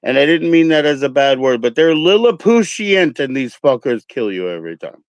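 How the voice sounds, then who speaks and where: A man's voice: mid-range voice, very animated, a little fast, no room sound. Easygoing American man, dry sound. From California. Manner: easygoing, rambling, swears casually. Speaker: streamer host. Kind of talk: casual chat.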